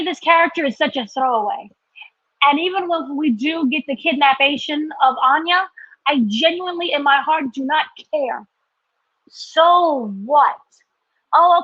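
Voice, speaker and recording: A woman co-hosting a podcast, ranting in an animated, exasperated way about a TV episode and acting out mock quotes. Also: sits high, no room sound. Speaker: podcast co-host reviewing a TV episode. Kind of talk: casual ranting review. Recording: dry, slightly dull podcast audio.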